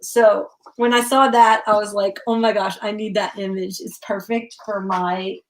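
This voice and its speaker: A woman's voice: mid-range voice, little pitch movement, normal speed. A middle-aged woman from Connecticut chatting casually and rambling through memories while she works on a craft journal during a livestream. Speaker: craft vlogger.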